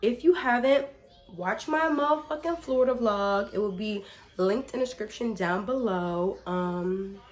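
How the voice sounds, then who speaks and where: A slightly cold-roughened, mid-range voice belongs to a young vlogger recounting a casual storytime at a measured pace. She talks chattily to her viewers, calling them y'all, swearing freely and using "like" as a frequent filler.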